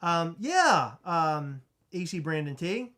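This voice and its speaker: A man's voice: a little high, very animated, slow pace, bright, forceful tone. A man co-hosting a live podcast stream, offhandedly reading out viewer names and giving thanks. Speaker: podcast co-host. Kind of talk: casual live-stream chat.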